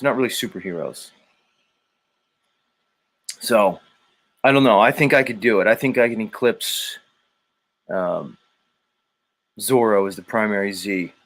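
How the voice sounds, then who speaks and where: A man hosts a loose, casual livestream, drifting off topic as he reads out comments from his chat. He rambles and jokes, and he swears freely. His voice sits at an ordinary middle pitch. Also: fairly bright tone. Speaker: livestream show host.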